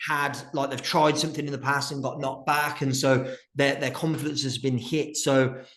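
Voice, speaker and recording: A man's voice: mid-range voice, level tone, normal speed, a bit bright. A man hosting a podcast interview, thoughtfully framing questions for his listeners. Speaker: podcast host. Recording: roomy echo.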